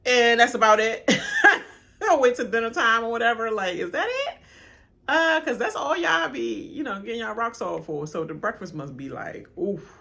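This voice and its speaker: A woman's voice: fairly high pitch, vocal fry, bright, forceful tone. A woman hosting a reaction video, ranting casually and animatedly straight to her viewers in slangy, laughing chatter. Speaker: reaction channel host.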